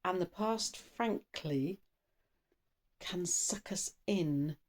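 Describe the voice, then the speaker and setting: A woman's voice: lowish voice, drawn-out words, a little mellow. Chatty, rambling woman tarot reader. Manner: chatty and rambling, trails off and restarts; buzzy from coffee, bursts of speed. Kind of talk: casual tarot reading.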